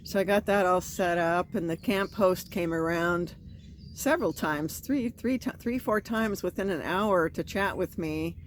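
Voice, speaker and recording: A woman's voice: lowish voice, measured pace, a little hiss or hum. Brief: woman vlogger, casual and chatty, talking to camera from inside a camp tent, upbeat storyteller who cheers herself on. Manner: chatty, storytelling, self-encouraging. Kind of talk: casual chat. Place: inside a screen tent at a campground.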